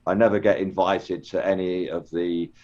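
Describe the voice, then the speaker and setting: Older male guest, low pitch, dull lo-fi audio, halting storyteller. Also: little pitch movement, darkish tone. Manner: rambling, hesitant, many ums and restarts. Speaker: interview guest, former children's TV actor. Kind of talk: casual storytelling interview.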